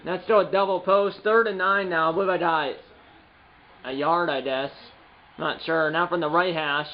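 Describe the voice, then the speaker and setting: A man with a high voice narrates his own video game like a play-by-play announcer, wandering off on tangents and correcting himself as he goes. He breaks into excited calls on big plays. The recording sounds dull and lo-fi. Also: normal speed, a little hiss or hum. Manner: rambling, self-correcting, bursts of excited calls. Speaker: gaming channel host. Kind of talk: play-by-play commentary while playing.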